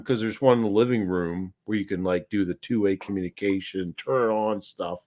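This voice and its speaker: A man's voice: lowish voice, a little fast. A man telling a rambling, profane anecdote on a casual live stream. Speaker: livestream host.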